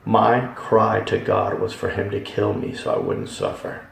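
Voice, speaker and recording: A man's voice: lowish voice, flat delivery, a little slow, gravelly, slight background noise. A man giving a religious testimony, telling his story in an emphatic, repetitive, dramatic way. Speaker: testimony speaker. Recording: echoey room, voice from far off.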